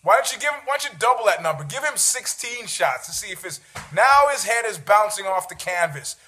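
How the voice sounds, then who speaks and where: A man's voice: sits high, very animated, brisk, sharp tone. A man, hosting a show, rambling about fights with sarcasm and freely dropping swear words. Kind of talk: casual chat about fights.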